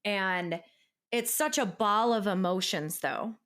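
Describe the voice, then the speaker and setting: A young woman co-hosting a mom podcast. She speaks in a reflective, supportive tone and laughs often, with a mid-pitched voice in casual conversation. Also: slow pace, a bit bright. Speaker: podcast co-host. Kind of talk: casual chat.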